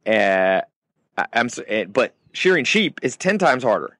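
A man's voice: medium pitch, sing-song, unhurried, fairly bright tone, no echo, studio quality. A man hosting a podcast, delivering an emphatic motivational monologue in short, punchy phrases that repeat key points. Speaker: podcast host.

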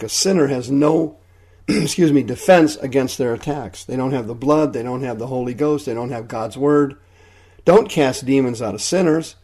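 Man, preacher, emphatic, repeats points, dark tone. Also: medium pitch, breathy edge. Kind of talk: radio sermon teaching.

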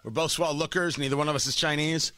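A man's voice: fairly high pitch, steady tone, fast talker, sharp tone. A middle-aged man hosting a talk radio show, giving a brash, emphatic monologue with joking asides into a studio microphone.

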